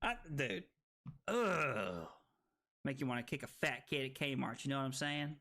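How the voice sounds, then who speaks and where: A man streaming a card game live, excitable and tipsy, swearing and bursting into yells. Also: medium pitch, measured pace.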